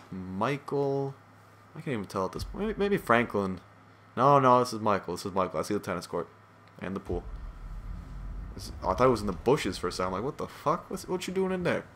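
A man's voice: fairly low pitch, expressive, brisk, fairly bright tone, slight background noise. Tired, rambling male game commentator. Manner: rambling, profane, self-deprecating. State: tired, yawning. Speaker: gameplay commentator. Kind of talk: casual gameplay commentary.

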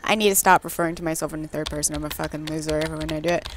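A woman's voice: sits low, fairly even intonation, very fast, few pauses, background noise. A woman in her twenties streaming a game, reading chat lines aloud and reacting with emotional, swear-filled commentary. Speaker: let's play streamer.

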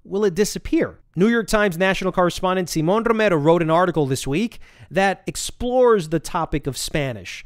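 A man's voice: sits high, animated, moderate pace, no echo, studio quality. A man hosting a podcast, presenting segments in an earnest, opinionated way. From United States. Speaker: podcast host. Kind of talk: scripted show hosting.

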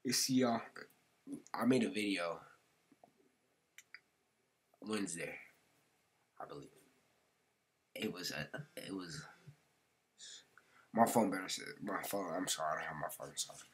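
A man's voice: low voice, a little slow, long pauses, a little hiss or hum. A man narrating his gameplay casually, slangy and chatty, often muttering or whispering to himself. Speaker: gaming video creator.

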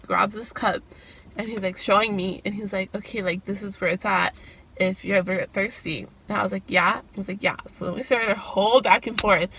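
A woman's voice: gravelly, sharp tone, a little hiss or hum. A young woman telling a storytime vlog, chatty and full of "like", acting out the quotes with a lifted voice. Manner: chatty, fillers like "like", acts out quotes in a higher voice. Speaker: vlogger.

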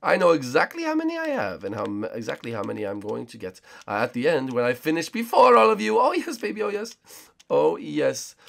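Young male host for hyped gameplay commentary: raspy, fry-heavy voice with a bouncy, lively delivery. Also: fairly high pitch, brisk. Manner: hyped, repeats himself, calls out other players. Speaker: gaming channel host.

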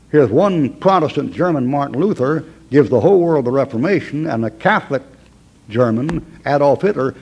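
Gravelly folksy man teaching the Bible. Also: medium pitch, darkish tone, muffled recording. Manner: folksy, emphatic, chuckling asides. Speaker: preacher teaching a Bible class.

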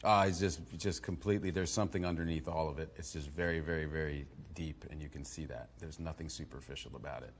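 Low-voiced man with joking deadpan asides. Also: fast, few pauses. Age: 40s. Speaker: actor guest. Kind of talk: casual interview chat.

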